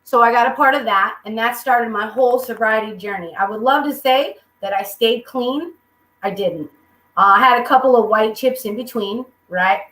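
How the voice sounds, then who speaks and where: A woman's voice: on the high side, normal speed, echoey room, low-quality recording. Candid woman telling her recovery story. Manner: candid, humorous, quotes people in lively voices. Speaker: recovery meeting speaker. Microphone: video call.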